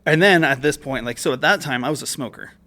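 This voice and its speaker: A man's voice: medium pitch, quick pace, bright, forceful tone. A man guest on a podcast, telling a story in a casual, profane way full of fillers. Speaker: guest, military veteran. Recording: podcast studio mic.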